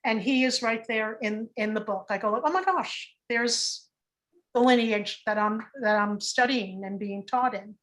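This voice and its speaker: A woman's voice: medium pitch, steady tone, measured pace, a bit bright. A woman teaching meditation in a casual online workshop, talking in a chatty, rambling way with many restarts, over a video call.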